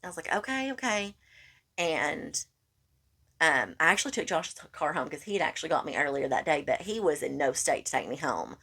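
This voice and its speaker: Animated woman telling a story. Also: deep voice, a little fast, vocal fry, slightly rough. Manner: animated, acts out quoted lines, calls listener honey. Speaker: podcast co-host. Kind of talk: casual storytelling chat.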